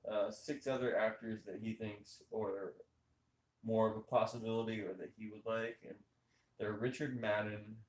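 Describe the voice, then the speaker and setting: A man hosting a casual podcast, talking emphatically about movies and firing off rhetorical questions. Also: on the low side. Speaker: podcast host. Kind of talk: casual opinionated chat over gameplay. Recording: echoey room.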